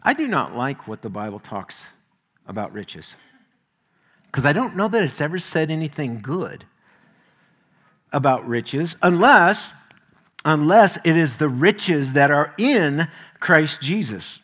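Bright-voiced male pastor, folksy sermon. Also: fairly high pitch, measured pace. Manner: folksy, animated storytelling with homely asides.

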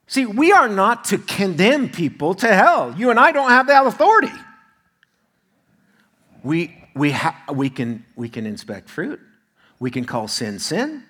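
Conversational pastor man, fairly high voice. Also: fairly bright tone, slightly rough. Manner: conversational, with asides to the congregation. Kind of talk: sermon.

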